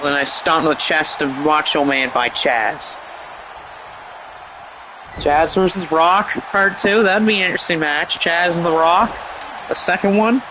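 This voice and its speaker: A man giving excited, rambling play-by-play commentary over a wrestling game, with chatty asides. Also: a little high, a little slow, noisy background.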